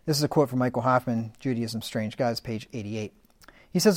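Reading old scripture aloud with rising emphasis, a Bible teacher gives a teaching talk in a mid-range male voice at a moderate pace. Between readings he slips into plain, chatty remarks with fillers.

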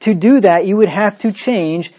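A man's voice: high voice, normal speed, mellow. A man preaching a sermon, emphatic and repetitive, with a sarcastic, mocking edge. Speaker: pastor.

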